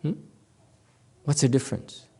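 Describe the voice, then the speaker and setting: A man's voice: measured pace, warm tone. A man with a Korean accent giving a dharma talk as a Zen master, playful, telling stories and laughing often.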